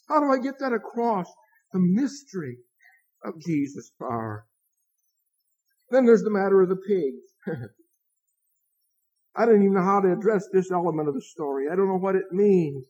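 Pastor, male, high-pitched, earnest preaching with dramatic pauses, dull lo-fi recording. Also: animated, darkish tone, breathy edge. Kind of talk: evening sermon.

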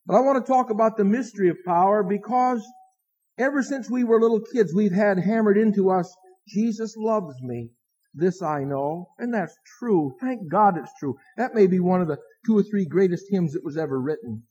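A man preaching an evening sermon as pastor, earnest, with rising emphasis and dramatic pauses. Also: high-pitched, a little mellow, breathy edge, lo-fi sound.

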